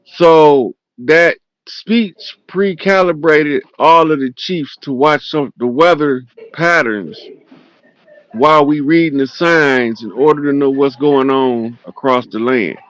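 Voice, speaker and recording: A man's voice: a little high, takes it slowly, no room sound, poor audio. A man, a livestream guest who explains spiritual lore in an instructive way. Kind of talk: casual livestream chat.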